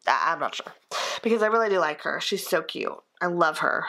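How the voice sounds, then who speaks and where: A young woman talks casually to her viewers, hoarse from a cold that leaves her voice crackly and full of fry. She rambles and laughs at herself as she chats through her planning. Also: lowish voice, animated, a little fast, bright, forceful tone. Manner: chatty, rambling and self-deprecating. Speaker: planner vlogger. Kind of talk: casual chat.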